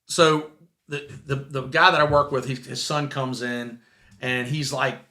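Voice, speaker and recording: A man's voice: mid-range voice, steady tone, a little slow, pushed and bright, reverberant. Fields: Sex: man. Role: guest. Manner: rambling storyteller. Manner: rambling, with many restarts and swearing. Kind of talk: casual storytelling.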